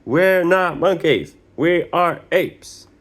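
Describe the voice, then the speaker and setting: A man's voice: on the high side, lively intonation, slow pace, pushed and bright, voice pushed up, exaggerated voice. A man voicing a grumpy older brother ape who snaps and protests in a raised voice. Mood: protesting.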